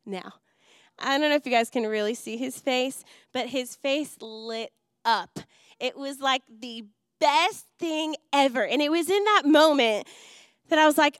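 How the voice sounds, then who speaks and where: A woman youth and missions pastor giving a sermon in a church, telling a lively story with acted quotes. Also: sits high, moderate pace, no echo, studio quality. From Wisconsin. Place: church auditorium.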